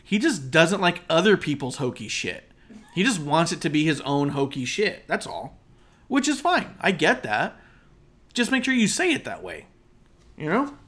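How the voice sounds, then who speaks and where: A man's voice: a little high, big pitch swings, moderate pace, a bit bright. A man co-hosting a casual wrestling talk show over an online call, emphatic and opinionated, rambling with fillers. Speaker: podcast co-host.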